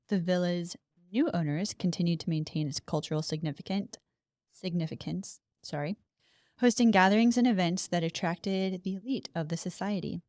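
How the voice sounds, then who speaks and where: A woman's voice: fairly low pitch, a little mellow, no room sound, studio quality. A woman co-hosting a casual podcast, reading history notes aloud with chatty asides. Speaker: podcast co-host.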